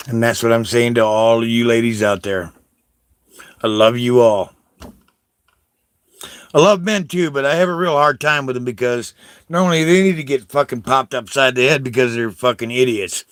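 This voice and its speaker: A man's voice: mid-range voice, clear, resonant tone, dry recording, studio quality. A man talking to camera in a rambling, casual monologue, swearing and hopping between foreign greetings.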